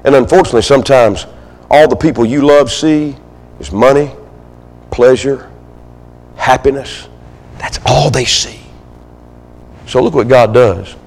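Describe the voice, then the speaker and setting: A man preaching a sermon, swinging between loud pleading and hushed, intimate asides. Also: medium pitch, unhurried, pauses often, in a large hall, poor audio. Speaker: pastor. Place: church sanctuary.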